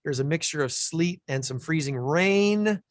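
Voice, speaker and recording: A man's voice: on the high side, lively intonation, measured pace, no echo. A man co-hosting a local radio show, chatting casually and rambling with plenty of fillers and restarts. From Illinois, USA.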